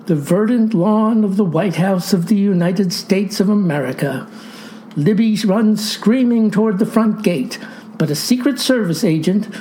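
Female narrator for a mock-grand comedy script; lively and theatrical. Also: mid-range voice, slight background noise, poor audio.

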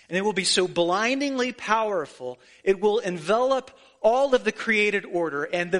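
A man's voice: high voice, a bit bright. A man preaching a sermon as a pastor, telling a story in an earnest way and sometimes correcting himself as he goes.

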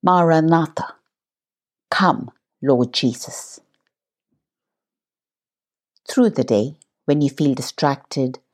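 Female meditation host: very low, husky voice, unhurried and calm guidance. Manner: slow, calm, measured delivery. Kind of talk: guided Christian meditation.

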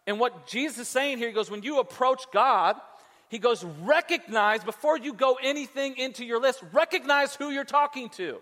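A man preaching a sermon to a congregation, emphatic, often repeating words as he restarts and slowing down on his key points. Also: very high voice, fairly bright tone, in a large hall. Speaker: pastor. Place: church sanctuary before a congregation.

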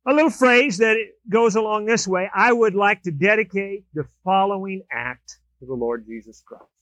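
A man preaching a sermon, telling humorous everyday stories with animated swings in pitch and loudness. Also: dry recording. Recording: dull, lo-fi dry recording.

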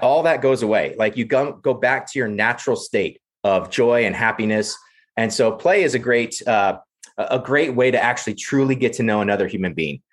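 A man talking as a podcast guest, enthusiastic and storytelling, often restarting his sentences. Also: medium pitch. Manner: enthusiastic storyteller, repeats words when starting. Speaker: podcast guest, play professional. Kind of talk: casual podcast chat.

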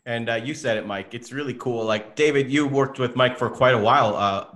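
A man's voice: mid-range voice, fairly quick, a bit bright. A man co-hosting a podcast, chatting casually and friendly, affirming the guest. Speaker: podcast co-host. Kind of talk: casual interview chat.

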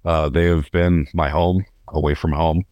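Deep-voiced young man, earnest. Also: level tone, measured pace, a little mellow, no echo. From California. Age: young adult. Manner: earnest, rambling storyteller with frequent restarts. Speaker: guest. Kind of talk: casual interview.

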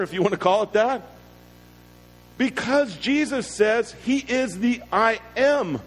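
High-voiced man preaching in a reverberant church. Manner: earnest preaching with slow, drawn-out emphasis. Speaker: pastor. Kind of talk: sermon. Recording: long reverb with faint music.

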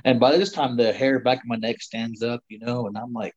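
Speaking as a guest in casual conversation, a middle-aged man tells a long hunting story from his own life, rambling with many fillers. His voice is mid-range, steady and fairly quick, captured in slightly dull lo-fi sound.

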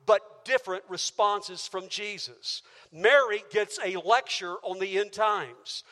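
A man with a high, bright, ringing voice preaches a sermon in a church auditorium. He is emphatic and stacks up rhetorical questions. The sound carries a long reverb from the large hall. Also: slow, hardly any pauses. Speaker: pastor.

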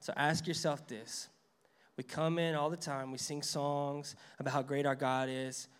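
Pastor, male, fairly high voice, conversational sermon with acted-out quotes. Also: little pitch movement, a little slow, smooth. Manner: conversational preaching, reads scripture aloud, acts out quotes.

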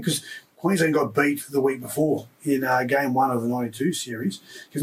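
A man in his fifties recounts his playing days, his voice sitting a bit higher than most men's. He talks in an emotional, animated rush, full of restarts. The mic sits slightly away from him. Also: fast talker, far from the mic, poor audio. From Australia. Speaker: guest, former rugby league player. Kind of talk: casual storytelling interview.

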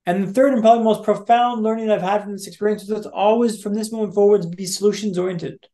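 A man with a fairly high voice tells a personal story to a podcast host. He builds tension by repeating phrases in a steady rhythm, like a practised motivational speaker. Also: quick pace.

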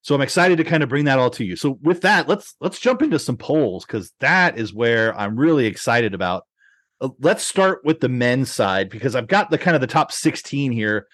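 A man's voice: medium pitch, sing-song, moderate pace, a bit bright, no room sound. A man hosting a podcast in casual chat, rambling with many restarts and fillers. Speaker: podcast host.

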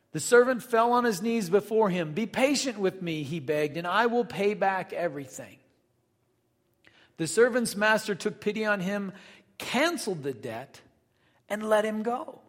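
High-voiced man teaching scripture casually. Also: big-room sound. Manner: reads scripture then explains in loose conversational asides. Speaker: Bible teacher. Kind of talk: casual Bible study teaching.

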